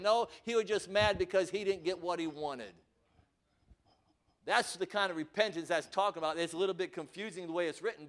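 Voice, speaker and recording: A man preaching a sermon, acting out scripture voices and swinging from quiet asides to loud, dramatic passages. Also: high-pitched.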